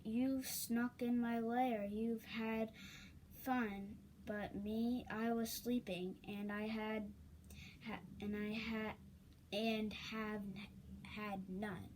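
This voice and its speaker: A woman's voice: on the high side, level tone, very slow, a little mellow, slight background noise. A woman voicing a grumpy male bear woken from sleep in a storybook, sulky and stumbling over her words.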